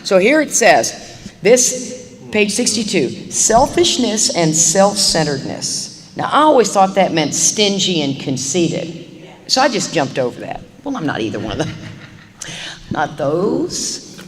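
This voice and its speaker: A middle-aged woman giving a recovery talk to a live meeting audience, animated and acting out little dialogues as she goes. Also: medium pitch, slow. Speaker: AA meeting speaker. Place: meeting hall. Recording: reverberant live hall recording, faint hiss.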